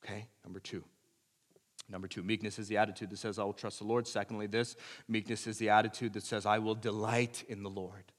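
A male pastor delivering a sermon, swinging between loud emphatic preaching and quiet earnest asides, in a church sanctuary. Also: on the low side, flat delivery, fairly quick. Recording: long church hall reverb.

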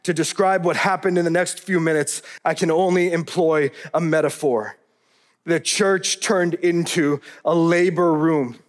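A man reads his own story aloud in the first person, earnest and heartfelt. His voice sits a little high for a man. He tells it steadily, as a memoir reading. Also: measured pace. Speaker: narrator.

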